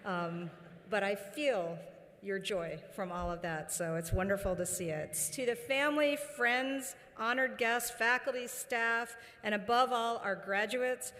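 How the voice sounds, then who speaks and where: A woman giving a commencement address as university chancellor, telling a personal story with fillers and pauses. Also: medium pitch. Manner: warm storytelling with frequent fillers. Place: large indoor ceremony hall. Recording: long reverb of a large ceremony hall.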